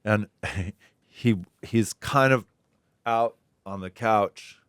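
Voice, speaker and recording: Low, smooth-voiced man telling stories. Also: extremely slow, a bit bright, no room sound, studio quality. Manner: laughing anecdotes, acts out quoted voices. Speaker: musician guest. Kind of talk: casual storytelling interview. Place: recording studio.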